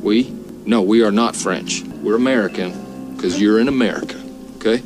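An actor playing a brash, cocky American male race car driver who talks loudly, boasts and mocks. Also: fairly low pitch, moderate pace, close to an everyday voice. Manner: loud, boastful, mocking. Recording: film clip with music underneath.

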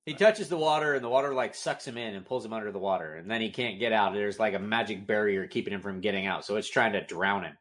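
A man's voice: lowish voice, fast, hardly any pauses. A man co-hosting a movie-review podcast, ranting with exasperation about the film's silly moments. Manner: animated, exasperated rants. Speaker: podcast co-host. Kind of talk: casual movie-review chat.

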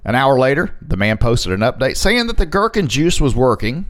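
A man co-hosting a casual chat, reading odd news stories aloud. His pitch rises and falls a lot, and he laughs often while he reads. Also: very animated, moderate pace, a bit bright. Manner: jokey, laughs often, reads quotes in a mock Australian accent. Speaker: podcast co-host.

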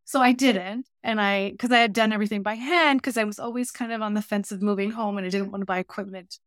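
A woman, a baker and teacher, telling lively anecdotes as an interview guest. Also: medium pitch, quick pace, no echo, studio quality. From Canada. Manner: lively anecdotal storytelling with voiced asides. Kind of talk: casual interview storytelling.

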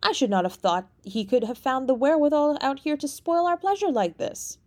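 A woman's voice: high-pitched, lively intonation, brisk, darkish tone, pitched above the performer's own voice. A woman reader voicing a gloomy, theatrical young Englishman who declaims in a lofty, lamenting way. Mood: scornful.

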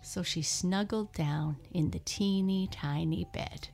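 A woman reading a children's storybook aloud, slow and expressive, dropping into soft breathy asides. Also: lowish voice, faint music behind.

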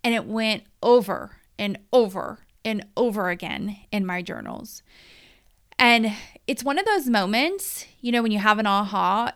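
A woman's voice: mid-range voice, a bit bright, clean tone. A woman in her thirties hosting a coaching podcast, telling a personal story in a candid, emotional, confessional way.

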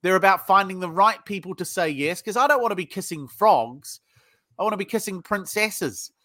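Brit sales trainer guy, high bright voice, blunt and sweary, dry close sound. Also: animated, moderate pace, no room sound. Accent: British English. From United Kingdom. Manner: blunt, swears, acts out both sides of calls. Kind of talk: podcast interview, storytelling.

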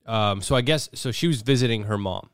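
A man's voice: fairly low pitch, a little fast, clear, resonant tone, dry recording, studio quality. A man hosting a casual podcast chat, reacting and swearing freely.

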